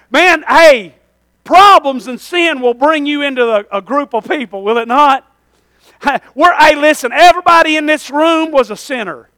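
Male pastor, very high and forceful voice, fervent sermon, folksy, calls for amen, dry close sound. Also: measured pace, dry recording.

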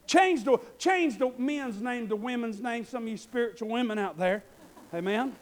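A man preaching a sermon, swinging between loud shouted passages and quiet folksy asides. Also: sits high, a little fast.

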